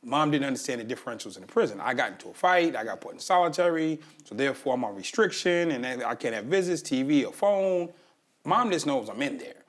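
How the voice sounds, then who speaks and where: A man's voice: medium pitch, animated, fast talker. A man hosting a podcast interview, who asks questions and explains advice with examples from his own life. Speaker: podcast host. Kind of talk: interview conversation.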